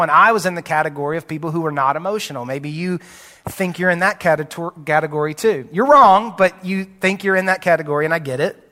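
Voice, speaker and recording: Bright-voiced pastor in a ringing hall. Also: male voice. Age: late 30s. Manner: candid and conversational, often dropping low and soft. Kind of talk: sermon. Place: church sanctuary. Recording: long reverb of a large hall.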